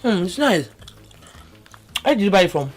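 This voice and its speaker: A woman's voice: medium pitch, very animated, normal speed, breathy edge. An actress playing a playful, confident young woman who coaxes and teases. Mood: coaxing. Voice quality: coaxing, teasing. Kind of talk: film comedy acting. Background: film score music.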